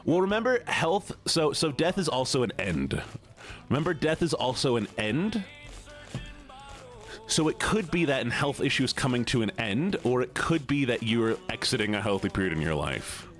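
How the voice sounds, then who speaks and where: A young man from the United States, a streamer reading chat aloud casually, animated and laughing often. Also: medium pitch, normal speed, faint music behind.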